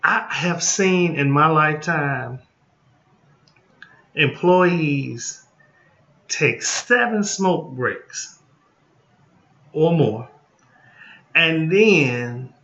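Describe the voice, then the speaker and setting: Drawing out his words and leaving long pauses, this group home licensing consultant speaks in a fairly high, expressive voice that sounds pushed and bright. His informal training talk is blunt and folksy, with repeated points and frequent "okay?" check-ins. It's recorded in an echoey, somewhat muffled room.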